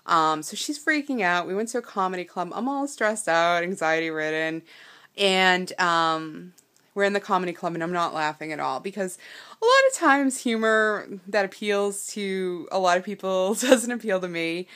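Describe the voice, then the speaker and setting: Young woman vlogger, somewhat low voice, personal storytelling, halting, lots of ums, emotional. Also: lively intonation, a bit bright.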